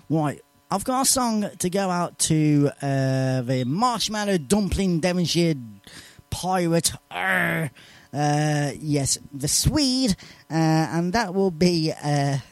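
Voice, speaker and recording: A chatty male radio host reads listener shout-outs live on air. His voice sits high and swings widely in pitch. The studio sound is close and dry. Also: slow, no room sound. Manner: chatty, animated, laughs between lines. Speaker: radio presenter.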